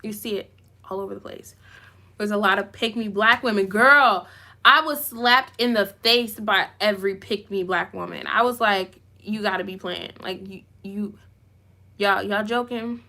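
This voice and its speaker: Bright, emphatic woman YouTuber. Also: mid-range voice, a little slow. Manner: emphatic, animated, repeats for emphasis; self-described goofy. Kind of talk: live commentary reading comments.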